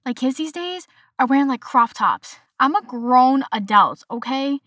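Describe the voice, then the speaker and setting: A woman in her twenties hosts a laid-back solo podcast, ranting chattily and with exasperation while imitating others in quotes. Her voice sits high and fairly bright with lively intonation, and she keeps a measured pace. The sound is studio quality, free of echo.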